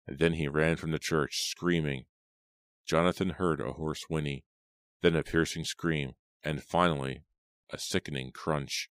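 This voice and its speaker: A man with an exceptionally deep, low voice reads a dark story aloud. He keeps his narration slow, grave and measured. The sound is dry and close, with no room echo. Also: steady tone. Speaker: audiobook narrator. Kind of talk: scripted dramatic narration.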